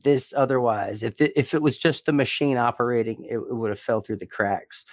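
A man's voice: medium pitch, a little fast, dry recording, clean studio sound. A young man co-hosting a podcast, talking earnestly and emotionally, swearing casually. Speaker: podcast co-host.

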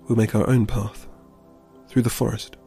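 A man's voice: lowish voice, little pitch movement, warm tone, faint music behind, lightly acted. A man voicing a large, stern, protective mother bear in a storybook reading. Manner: stern, measured.

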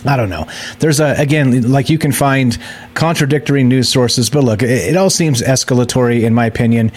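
A man's voice: medium pitch, fairly quick. A man hosting a live talk show, talking casually in a rambling, sarcastic way full of fillers and restarts. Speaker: podcast host.

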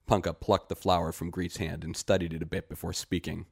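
A man reading a short story aloud in steady, measured narration. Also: low-pitched, creaky, slightly rough, dry recording, studio quality. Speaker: story reader. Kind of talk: scripted narration.

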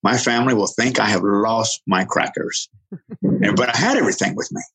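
A middle-aged man earnestly telling a personal story, halting and restarting, quoting others in lively voices. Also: fairly low pitch, gravelly, husky, poor audio.

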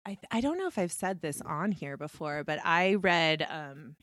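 A woman's voice: low voice, lively intonation, fairly bright tone, dry recording, clean studio sound. A woman hosting a podcast, chatting casually and gushing with fan enthusiasm. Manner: gushing fangirl enthusiasm, quick laughs. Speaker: podcast host. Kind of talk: casual chat.

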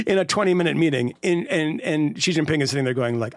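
A man co-hosting a casual political podcast chat, sardonic and rambling, swearing and filling pauses with "uh" and "you know.". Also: a little high, animated, dry recording. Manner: rambling, sardonic, profane, lots of fillers. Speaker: podcast co-host.

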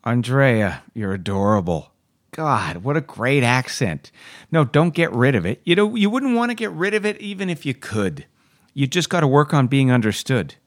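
A Canadian man hosts a podcast, answering listener questions with passionate, opinionated advice in an emphatic, ranting manner. His mid-range voice is very animated and moves at normal speed. The studio recording is clean, with no room sound.

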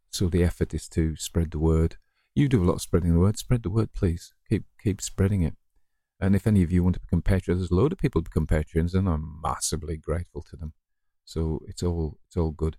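A man's voice: low-pitched, fast, dark tone, no echo, clean studio sound. A man with a Northern English accent, hosting his own story podcast and chatting casually and self-deprecatingly to listeners. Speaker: podcast host and story reader.

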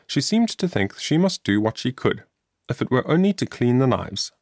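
A man reading an audiobook, voicing an earnest, devout young woman in a gently raised voice. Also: medium pitch, very animated, moderate pace, no echo, clean studio sound, voice pushed up, natural voice.

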